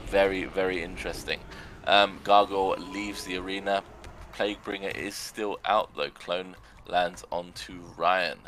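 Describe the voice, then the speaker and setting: A young man calls a video game match with sarcastic, excitable commentary. His voice is bright and forceful, sitting a little low. A faint noise hums behind him. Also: a little slow. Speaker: arena commentator.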